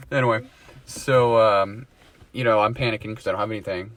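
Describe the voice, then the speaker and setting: A man in a relaxed chat tells a rambling story, swearing freely and breaking into laughter at himself. His voice sits at an average pitch and is recorded close and dry, with no room sound. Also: normal speed, dry recording. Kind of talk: casual storytelling among friends.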